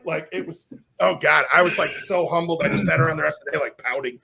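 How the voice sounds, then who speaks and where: A middle-aged man, a strongman guest on a podcast, telling stories casually with lots of swearing and loud self-mocking outbursts. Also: a little high, quick pace, gravelly, slight background noise.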